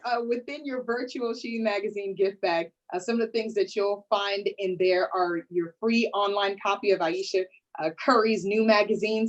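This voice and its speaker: A woman's voice: on the high side, rough recording. Sassy woman hosting a panel. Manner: sassy, playful, calls people honey. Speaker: host. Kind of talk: lively hosted panel talk.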